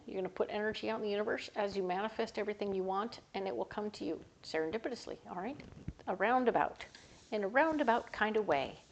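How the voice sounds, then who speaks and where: Woman tarot reader, casual upbeat chat, mid-pitched voice, faint background noise. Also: highs cut off. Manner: chatty, upbeat, self-correcting. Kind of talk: casual tarot reading to camera.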